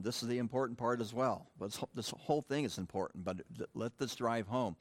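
A man preaching a sermon as a pastor, conversational and halting, with frequent fillers and restarts. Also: mid-range voice.

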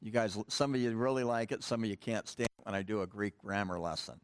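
A man's voice: lowish voice, fast talker, clear, resonant tone, no echo. A middle-aged man preaching a sermon in church, teaching a Greek grammar point with casual, joking asides to the congregation. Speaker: pastor. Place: church sanctuary.

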